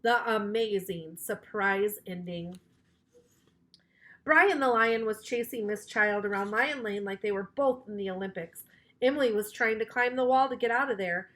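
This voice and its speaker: A woman librarian reads a children's chapter book aloud. She is animated and playful, and teases her young listeners. Her voice is bright and a little high. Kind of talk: children's storybook read-aloud.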